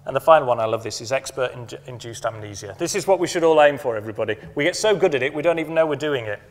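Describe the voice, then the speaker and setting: A middle-aged man giving a motivational conference talk, emphatic, repeating key phrases and slowing down to stress them. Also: medium pitch, animated. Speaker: conference speaker. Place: conference hall. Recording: long hall reverb from a conference room.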